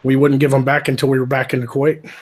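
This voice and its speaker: Man, podcast co-host, casual rambling chat, profane, mid-pitched. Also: level tone, fast talker. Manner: rambling, profane, many restarts. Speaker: podcast co-host, military veteran.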